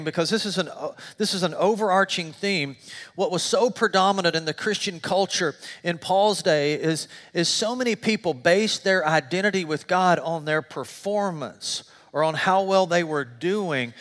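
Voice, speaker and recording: A middle-aged man, a pastor, preaching a sermon and telling stories with animated, self-deprecating humor. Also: fairly high pitch, big-room sound. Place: church sanctuary.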